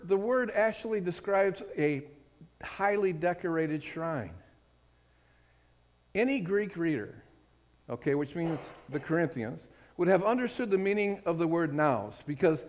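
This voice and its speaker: A man preaching a sermon, speaking emphatically and calling for amen from the congregation. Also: high voice. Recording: hall with long reverb.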